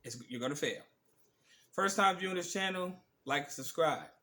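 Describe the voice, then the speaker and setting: A man with a high voice holds forth in a preachy, profanity-laced rant. His tone is bright and forceful. He drags out words for emphasis as he lectures his viewers. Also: expressive, normal speed. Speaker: channel host. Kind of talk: ranting political commentary monologue.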